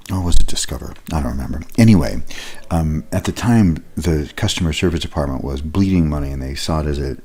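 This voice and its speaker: Male trainer with a very deep voice, explaining things casually. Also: darkish tone, husky. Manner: conversational, explanatory, with fillers. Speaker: leadership trainer. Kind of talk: recorded leadership lesson.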